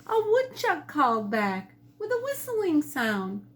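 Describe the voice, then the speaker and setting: A teacher reads her picture book to children from her kitchen in a high, bright voice. She takes it slowly and gently and leans into the storytelling. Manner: gentle, slow and expressive storytelling. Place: home kitchen.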